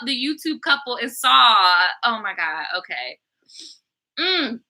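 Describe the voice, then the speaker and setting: A woman's voice: a little high, sing-song, slow, pushed and bright, low-quality recording. A woman hosting a storytime channel, reacting to a viewer's story in blunt, slangy, profane casual chat. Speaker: storytime YouTuber reading viewer stories.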